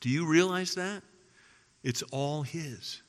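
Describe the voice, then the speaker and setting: A middle-aged man preaching a sermon as pastor, emphatic, firing rhetorical questions and swinging between loud and hushed passages. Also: fairly high pitch, takes it slowly. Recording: long reverb of a large hall.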